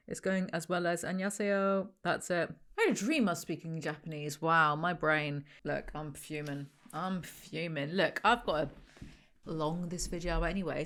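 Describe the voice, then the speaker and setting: A woman's voice: lowish voice, a bit bright. A woman, chatting sarcastically to camera as host of a reaction video. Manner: sarcastic, ranting, quick asides. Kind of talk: casual chat to camera.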